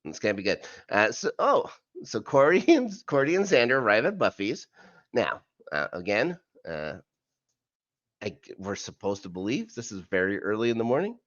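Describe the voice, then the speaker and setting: A man co-hosting a rewatch podcast, rambling through a recap with plenty of "uh"s and side comments. His pitch swings up and down a lot. The sound is dry and a little dull. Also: big pitch swings, moderate pace, a bit bright, dry recording. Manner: chatty, rambling recap full of fillers and asides. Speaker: podcast co-host. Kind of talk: casual rewatch recap chat.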